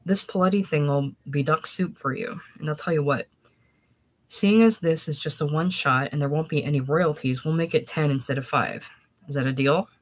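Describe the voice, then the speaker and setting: A man voicing an eager middle-aged cab driver who pitches a story idea with persuasive patter. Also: moderate pace, lightly acted.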